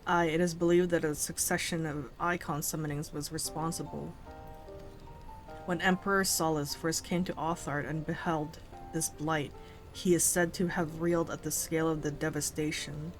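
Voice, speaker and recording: A woman's voice: low-pitched, flat delivery, normal speed, soft background music, close to an everyday voice. A woman reading aloud the part of a courteous male military airship captain, in stiff formal phrasing and her own voice. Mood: explaining. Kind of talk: reading game dialogue aloud.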